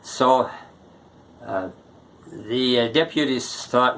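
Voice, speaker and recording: A man telling a string of short jokes in a casual, unhurried way, stretching the setups with pauses. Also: medium pitch, a bit bright. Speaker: joke teller.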